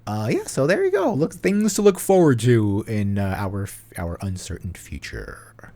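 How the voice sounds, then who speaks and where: A man's voice: lowish voice, big pitch swings, normal speed, mellow. A man co-hosting a casual podcast, rambling and self-deprecating and leaning heavily on "you know". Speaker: podcast co-host.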